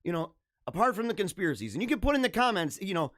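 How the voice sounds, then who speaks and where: A man hosting a live show, giving casual, jokey commentary in an animated, ranting way and laughing often. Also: sits high, fast talker, dry recording, studio quality.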